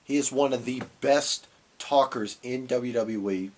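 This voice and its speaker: A man's voice: mid-range voice, unhurried, darkish tone, slight background noise. A man co-hosting a podcast, giving a loose, rambling recap of a wrestling show while getting over a cold. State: has a cold, coughing. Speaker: podcast co-host.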